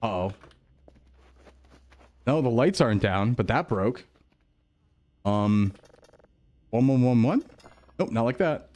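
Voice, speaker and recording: A man's voice: medium pitch, lively intonation, slow, long pauses, darkish tone. A male streamer in casual gameplay chat, rambling to himself and his chat, jumpy and easily startled.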